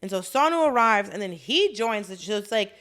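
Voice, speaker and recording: A woman's voice: medium pitch, lively intonation, a little fast, a bit bright. A woman co-hosting a podcast, chatting casually and acting out drama scenes in quoted voices. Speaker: podcast co-host. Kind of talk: casual chat recapping a drama.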